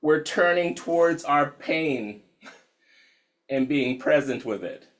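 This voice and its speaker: Man, meditation teacher, casual and slangy, swears freely, laughs a lot, slightly high voice, video call mic. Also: lively intonation, slow. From United States. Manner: frank and profane, laughs often, slangy, addresses listeners as y'all. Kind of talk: casual talk opening an online meditation session.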